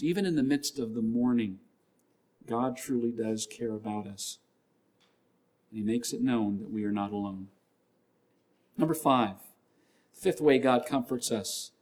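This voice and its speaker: A male pastor delivering a sermon in an earnest way, often repeating key lines and scripture references. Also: medium pitch. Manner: acts out shouting gym trainers with a louder voice.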